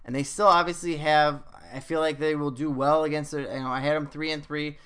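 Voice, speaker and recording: A man hosting a casual sports podcast, with a voice pitched a bit above the usual. He tells stories in an animated way and swears freely. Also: fairly quick, smooth. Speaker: podcast host.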